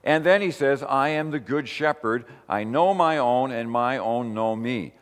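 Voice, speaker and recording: Male preacher, mid pitch, talky teaching sermon, reverberant hall sound. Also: measured pace. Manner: conversational, questioning the listener.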